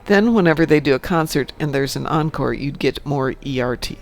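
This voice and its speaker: A man's voice: fairly high pitch, fairly quick, creaky. A man in his sixties casually chatting on a live stream, reading the chat aloud and telling dad jokes. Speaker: stream co-host.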